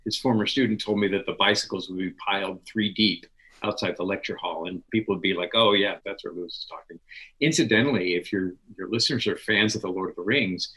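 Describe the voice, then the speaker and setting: A man who is a podcast guest and literature scholar, telling stories in an animated, knowledgeable way. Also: low-pitched, fast talker, low-quality recording. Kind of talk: conversational interview.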